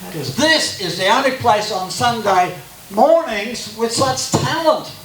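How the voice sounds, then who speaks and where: A man's voice: extremely high pitch, lively intonation, unhurried. An Australian man giving a chatty, joking personal talk as guest speaker at a church gathering. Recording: echoey room from a distance, faint hiss.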